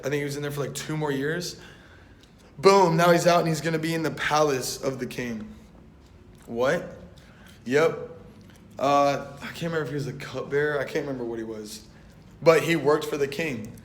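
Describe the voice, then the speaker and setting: A man's voice: normal speed, pauses often, a little hiss or hum. A young man and Christian rapper giving a casual, slang-filled faith talk, retelling a Bible story and acting out its voices. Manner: animated and slangy, acting out voices with "boom" and "bet". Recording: roomy echo.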